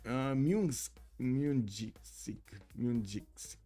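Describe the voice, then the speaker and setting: A man casting a strategy game tournament on a live stream, excitable and chatty, talking to his chat. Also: medium pitch, normal speed, hardly any pauses, soft background music. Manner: excitable, chatty, many fillers and restarts. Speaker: tournament caster.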